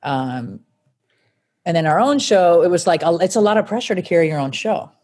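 A woman's voice: fairly low pitch, animated, a little fast, a little mellow. A woman in her forties, an interview guest, telling her story candidly and bluntly, swearing freely.

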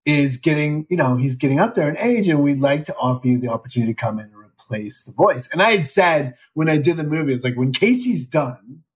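A man's voice: fairly high pitch, animated, fast, few pauses. A man in his fifties, an actor guest in a casual interview, talking candidly in a rambling, self-deprecating way. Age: 50s.

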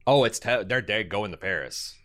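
A man's voice: lowish voice, expressive, moderate pace, fairly bright tone. A man co-hosting a podcast in casual chat, rambling and joking with some swearing. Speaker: podcast co-host.

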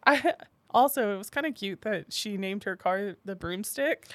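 A woman's voice: medium pitch, animated, normal speed, fairly bright tone, no echo. A woman co-hosting a casual book chat, giggling often and saying "like" a lot. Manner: giggly, lots of "like". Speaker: podcast co-host.

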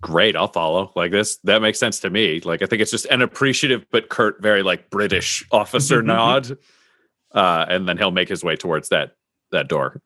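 A man playing a tabletop game, speaking in a measured, dry way. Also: deep voice, bright, forceful tone, no room sound. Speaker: player. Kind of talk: tabletop role-play.

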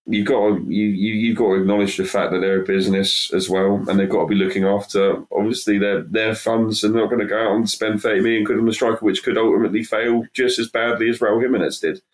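A very low-pitched man in casual football chat. He talks emphatically, doubling up words as he gets going, in a loose and opinionated way. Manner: emphatic, repeats words as he builds up steam. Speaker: podcast co-host.

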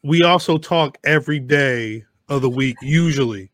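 A man hosting a rowdy live podcast, loud and laughing, talking over the others in casual chat. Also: mid-range voice, moderate pace, no room sound. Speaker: podcast host.

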